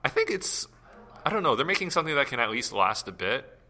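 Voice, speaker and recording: A man's voice: mid-range voice, very animated, fast, pushed and bright. A man co-hosting a podcast in casual chat, musing reflectively with a joking streak. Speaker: podcast co-host.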